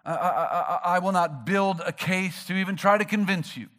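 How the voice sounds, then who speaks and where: A man delivers a sermon with a fairly high-pitched voice. He is animated, acts out the people he quotes and builds to emphatic peaks. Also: normal speed. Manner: animated preacher, acting out quoted figures, rising to emphatic peaks. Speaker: pastor.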